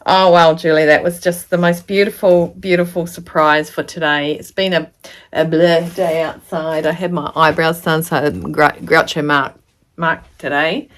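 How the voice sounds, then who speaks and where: Gushing woman vlogger with a low voice. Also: fairly even intonation, moderate pace. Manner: gushing, chatty, drops into soft whispers. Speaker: sewing vlogger. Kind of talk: casual unboxing chat to camera.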